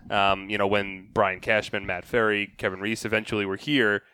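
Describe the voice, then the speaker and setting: A man's voice: fairly low pitch, flat delivery, moderate pace, bright, forceful tone, smooth, no echo. A man hosting a podcast, friendly and leading with questions. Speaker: podcast host. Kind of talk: casual interview.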